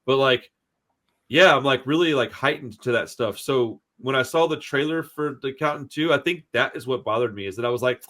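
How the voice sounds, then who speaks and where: A man's voice: medium pitch, brisk, pushed and bright. A man hosting a movie podcast, telling long stories in a blunt, profane, rambling way. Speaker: podcast host. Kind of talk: casual chat, storytelling.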